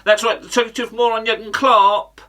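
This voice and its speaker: A man's voice: high-pitched, level tone, bright, forceful tone. A man impersonating a boastful, insulting male radio phone-in host in a comic sketch. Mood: mocking. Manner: rapid, boastful, rude. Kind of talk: comic impression.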